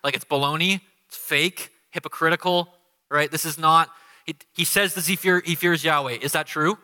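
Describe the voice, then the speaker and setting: A man's voice: a little high, normal speed. A man preaching a guest sermon in a church, talking casually and animatedly, acting out the quotes he tells. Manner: animated, conversational, acts out quotes with laughter. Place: church sanctuary. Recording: long hall reverb.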